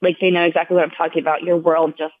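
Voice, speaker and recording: A woman's voice: sits low, level tone, racing, no room sound. A woman guest telling a personal story in a conversational interview. She speaks earnestly and from the heart, with frequent "like"s, and acts out the people she quotes in raised voices. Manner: earnest, heartfelt retelling, heavy use of "like". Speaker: podcast guest. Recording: tinny phone-like sound, dry.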